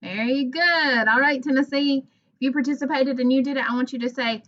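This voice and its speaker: A woman teaching a phonics lesson to young children, speaking clearly, modeling sounds and encouraging them. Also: high voice, steady tone, fairly quick, fairly bright tone, muffled recording.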